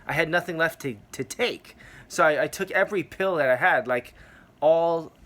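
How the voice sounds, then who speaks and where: A man's voice: fairly high pitch, moderate pace, a bit bright. A man giving an earnest, rambling personal testimony about his faith, repeating phrases for emphasis. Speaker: Christian testimony vlogger.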